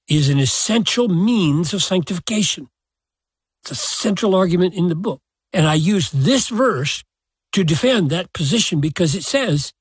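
Slow, husky-voiced older pastor. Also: male voice, sits high, dry recording, clean studio sound. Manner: slow, deliberate, self-deprecating with chuckles. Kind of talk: reflective podcast answer.

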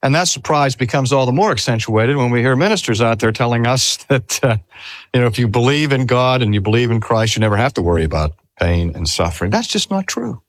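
An older man delivers a sermon with measured pacing and a lively voice that rises and falls widely. His voice sits in a middle pitch and the recording is dry and close. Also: no echo. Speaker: pastor.

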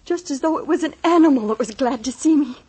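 A woman's voice: sits high, fast talker, dark tone, close to an everyday voice. An actress playing a frightened young woman in a radio drama, injured and confined to bed, talking in a breathless, pleading way that keeps tipping into tears. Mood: shaken. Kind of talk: 1930s radio drama acting.

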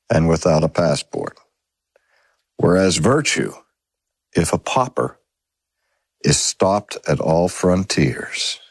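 Man giving a measured, dramatic reading. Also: medium pitch, dry recording. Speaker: reader. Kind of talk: scripted narration of a sermon from a novel.

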